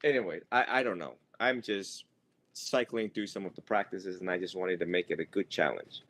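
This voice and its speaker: A man's voice: low voice, normal speed, fairly bright tone. A man teaching students in a loose, joking way, rambling and laughing as he goes. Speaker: monk teacher. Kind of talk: casual teaching talk.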